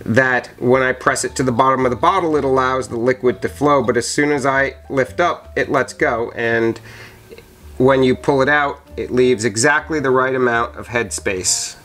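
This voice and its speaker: A man giving a casual how-to demonstration of home winemaking at home, explaining each step in a relaxed, chatty way with occasional fillers. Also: mid-range voice, normal speed. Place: indoors at home.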